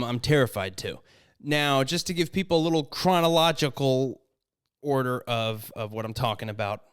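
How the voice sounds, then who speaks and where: A young man co-hosting a podcast in casual chat, rambling and self-deprecating, with high tones he can drop low, talking into a studio mic in his apartment. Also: fairly bright tone, smooth. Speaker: podcast co-host and editor. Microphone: studio microphone with headphones.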